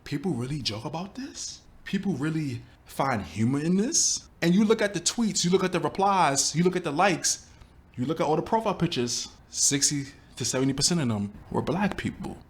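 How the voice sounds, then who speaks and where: A YouTube commentator with a slightly high voice and lively intonation reacts for his viewers at a normal speed. He sounds exasperated and rhetorical, frequently putting questions straight to them.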